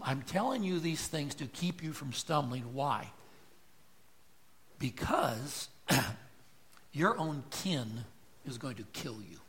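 A man preaching to a church congregation, explaining scripture with rhetorical questions and lively quoted lines. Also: mid-range voice. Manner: expository preaching, rhetorical questions, voice jumps when quoting. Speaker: pastor. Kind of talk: sermon.

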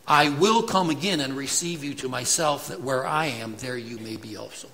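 A man's voice: medium pitch, normal speed, bright, forceful tone, low-quality recording. A man preaching a sermon emphatically, asking the congregation rhetorical questions. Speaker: pastor.

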